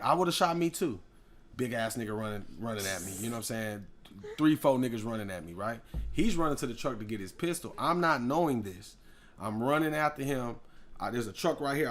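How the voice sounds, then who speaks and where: A man is in the middle of a long, animated story. He keeps slipping into other people's voices and shouting out sound effects. His voice sits at an ordinary middle pitch for a man. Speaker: guest rapper.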